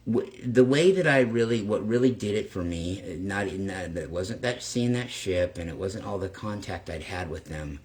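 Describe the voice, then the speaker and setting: A man's voice: low voice, animated, moderate pace, few pauses, a little mellow. A man hosting his own channel, telling a personal story in a rambling, casual way, swearing now and then and checking in with "okay?". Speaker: channel host.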